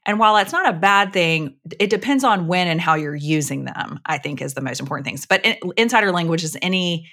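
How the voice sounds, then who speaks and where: A woman's voice: on the low side, expressive, fairly quick, hardly any pauses, a bit bright. A woman from the American South co-hosting a podcast, chatty, laughing easily and restarting her sentences. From Southern United States, Jacksonville. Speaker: podcast co-host. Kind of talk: casual podcast chat.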